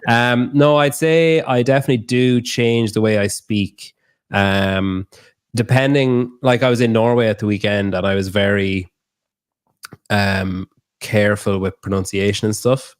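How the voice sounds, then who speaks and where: Irish guy, young, low-pitched, loose rambling chatter with lots of swearing, dry close sound. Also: steady tone, a little slow, clean tone, no echo. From Ireland. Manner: rambling, swears freely, laughs often. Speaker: guest. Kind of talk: casual chat.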